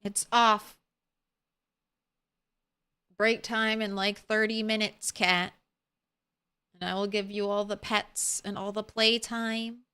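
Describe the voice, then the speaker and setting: A woman's voice: medium pitch, little pitch movement, slow, pauses often, sharp tone, clean tone. A woman streaming a video game, chatting casually and playfully with her viewers and talking to her cat between jokes. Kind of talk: casual livestream chat while gaming.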